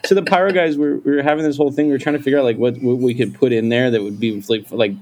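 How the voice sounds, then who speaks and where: A man chatting casually, rambling quickly about work on a show. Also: mid-range voice, steady tone, darkish tone. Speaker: crew member on a show. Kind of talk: casual chat.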